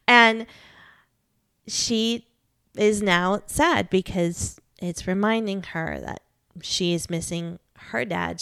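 A woman's voice: fairly low pitch, fairly bright tone, smooth, dry recording, clean studio sound. A woman in her forties, a widowed mother, giving a candid, earnest faith talk with rueful laughs. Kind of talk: personal testimony talk.

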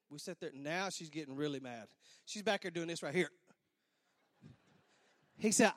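A man telling a comic story to an audience in a large hall, animated, repeating words and acting out sound effects. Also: high voice, normal speed, long pauses, clean studio sound. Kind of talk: stand-up storytelling to a church audience.

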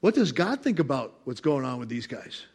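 A man preaching a sermon as pastor, animated and playful, acting out voices with bursts of laughter. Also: mid-range voice, moderate pace, creaky, slightly rough. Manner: animated, acts out God's voice with laughter.

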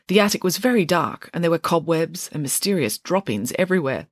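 A woman reading her own children's novel aloud in a lively, expressive storytelling manner. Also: on the low side, a little fast, no room sound, clean studio sound. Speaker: author reading her book. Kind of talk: audiobook narration.

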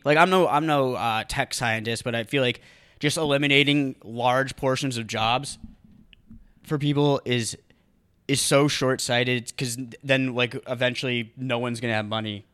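A man's voice: medium pitch, a bit bright, clean tone. A man from New England co-hosting a casual podcast, rambling with lots of hesitations and restarts. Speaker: podcast co-host.

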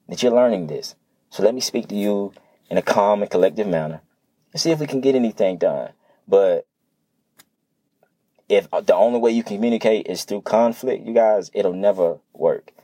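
Young guy talking straight to you about getting along, low voice, dry close sound, kinda repeats himself. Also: darkish tone, dry recording. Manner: earnest, repetitive, conversational street slang. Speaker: motivational speaker. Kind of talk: unscripted motivational monologue.

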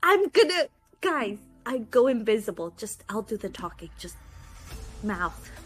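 A woman playing a tabletop game, taking charge and laying out plans quickly. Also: a little high, big pitch swings, slightly rough, soft background music. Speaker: player.

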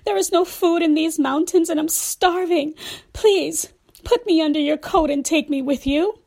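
A woman's voice: very high-pitched, moderate pace, darkish tone, voice pushed up. A woman voicing a cunning male rattlesnake who begs to be carried to safety. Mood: pleading. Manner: begging, then hissing.

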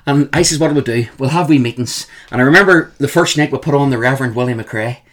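A man with a Northern Irish accent, a guest telling emphatic, animated stories in an interview. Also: mid-range voice, fast. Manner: animated, emphatic, repeats the host's name. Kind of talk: storytelling in an interview.

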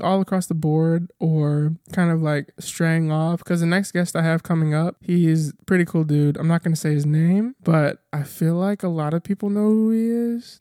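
A young adult podcast host in a casual solo chat, talking very fast, rambling and joking at their own slips. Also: mid-range voice, darkish tone, dry recording, studio quality. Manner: playful, jokes at own slips.

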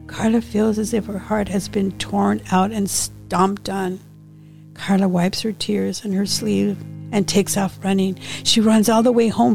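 A woman podcast host and author reading her own novel aloud in a slow, unhurried storytelling manner. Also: mid-range voice, vocal fry, a little mellow.

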